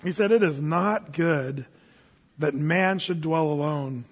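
A man's voice: a little high, takes it slowly, slightly rough, big-room sound, highs cut off. A middle-aged man preaching a sermon in a folksy, conversational way, chuckling now and then. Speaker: pastor.

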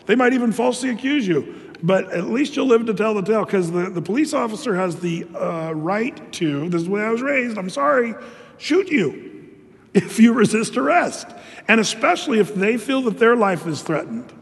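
A man's voice: sits high, animated, normal speed, vocal fry, long reverb tail. A male pastor praying and then teaching through a Bible chapter in a conversational, earnest way, with many fillers and restarts. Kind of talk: prayer and verse-by-verse sermon.

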